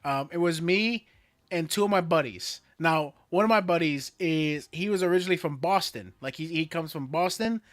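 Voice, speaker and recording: A young man co-hosting a casual podcast, telling stories with lively, profane energy. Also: a little high, normal speed, dry recording, clean studio sound. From Florida, USA. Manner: animated storyteller, swears freely. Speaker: co-host.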